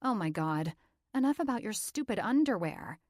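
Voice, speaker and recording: A woman's voice: moderate pace, no room sound, studio quality, natural voice. A woman voicing a stubborn, feisty young actress in a raised, exasperated voice. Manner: exasperated, higher-pitched delivery.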